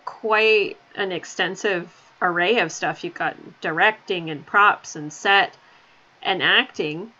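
A chatty woman asks a guest questions with a light, self-deprecating manner. Her voice is bright and forward. The recording sounds dull and lo-fi. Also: fairly low pitch, takes it slowly. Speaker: interviewer. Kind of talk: casual interview chat.

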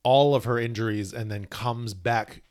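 A man talking comics on a podcast, eagerly unpacking lore between laughs. His voice sits at an everyday middle pitch, and the talk is loose and conversational. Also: moderate pace, darkish tone. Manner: enthusiastic, explains lore with laughs. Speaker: podcast co-host. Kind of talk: casual comic book discussion.

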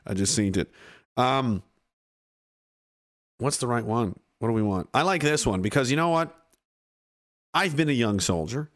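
A man's voice: medium pitch, animated, moderate pace, long pauses. A man in his thirties from Canada, a veteran streamer giving blunt, profane, heated commentary to his live chat. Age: 30s.

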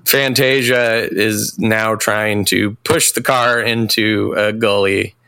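A man's voice: fairly low pitch, fairly even intonation, slow pace, sharp tone, clean tone. A man co-hosting a podcast, casually retelling a film's plot in a laid-back, profane way and briefly acting out the characters. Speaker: podcast co-host. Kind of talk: casual film recap chat.

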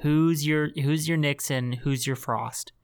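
A man co-hosting a casual podcast about movies, talking haltingly and often stopping to search for words. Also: fairly high pitch, fairly even intonation, smooth. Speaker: podcast co-host. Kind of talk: casual movie-talk chat.

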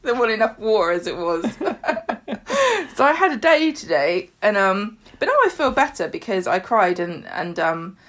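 A woman co-hosting a podcast in casual chat, telling stories animatedly with laughs and loud acted quotes. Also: mid-range voice, sing-song, a little slow. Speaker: podcast co-host.

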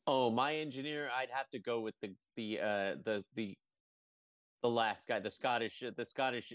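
A man in a casual chat, excitable and laughing, acting out quick quips. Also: medium pitch, dry recording, studio quality. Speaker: podcast co-host.

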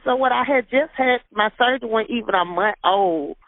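High raspy woman telling her story, emotional, keeps repeating herself, sounds like a phone line. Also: normal speed, hardly any pauses, no room sound. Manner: emotional, repeats herself, acts out quoted dialogue. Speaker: interviewee. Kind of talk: recounting a personal story in an interview. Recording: tinny phone-like sound, dry.

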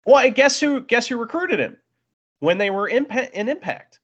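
A man's voice: very high voice, big pitch swings, moderate pace, muffled recording. A man co-hosting a casual wrestling podcast, chatty and recapping matches with acted-out asides. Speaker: podcast co-host.

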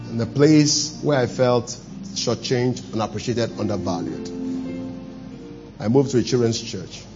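Preaching pastor swinging loud and low. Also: male voice, muffled recording. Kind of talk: sermon.

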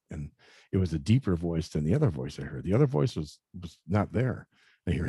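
A man in his fifties telling a personal story in an interview, earnest and halting, often repeating words and saying "you know". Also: on the low side, animated, mellow, breathy edge, no room sound. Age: 50s. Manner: earnest, confessional. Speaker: interview guest.

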